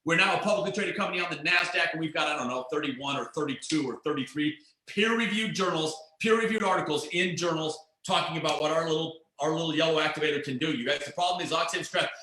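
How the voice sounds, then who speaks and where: A man giving an excited, emphatic network marketing pitch on a webinar, often repeating himself. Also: quick pace, roomy sound, poor audio. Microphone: computer mic on a webinar.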